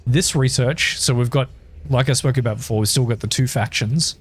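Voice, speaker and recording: Talking fairly quickly in a mid-range voice, this Australian gaming YouTuber chats to his viewers while he plays, thinking out loud with lots of ums. The audio is slightly rough.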